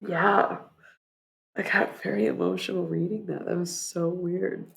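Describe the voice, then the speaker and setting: A livestreamer who reads their own poetic prose aloud in a slow, dreamy way, then chats softly and rambles. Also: mid-range voice, little pitch movement, gravelly. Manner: dreamy, deliberate reading; soft, rambling chat with many "like"s.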